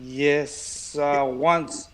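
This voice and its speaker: A man's voice: fairly high pitch, fairly even intonation, extremely slow. A man who is a former boxing champion, chatting casually on a podcast, laughing and stammering as he repeats himself. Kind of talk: casual joking podcast chat. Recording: faint noise with clicks.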